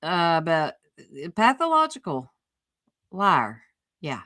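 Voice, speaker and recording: A woman's voice: on the low side, wildly swooping pitch, slow pace, bright, forceful tone. A woman streamer giving blunt, mocking commentary on a clip, laughing often. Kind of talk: reaction commentary.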